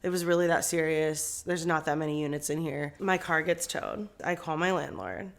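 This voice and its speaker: A woman's voice: low voice, normal speed, creaky. A young woman co-hosting a podcast, telling a story in a casual chat, acting out quotes and laughing often. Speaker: podcast co-host.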